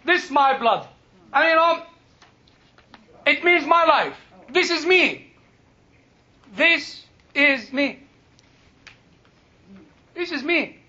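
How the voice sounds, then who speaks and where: Slow high-voiced man teaching scripture. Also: expressive, sharp tone. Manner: slow, searching for English words. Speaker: Bible lecturer. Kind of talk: informal Bible talk. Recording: dull lo-fi sound.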